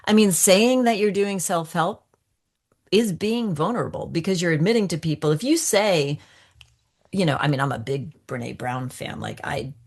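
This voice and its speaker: A woman voice actor and coach, talking as a podcast guest in a loose, animated way, laughing often and circling back on her thoughts. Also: on the low side, normal speed. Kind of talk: casual conversational interview.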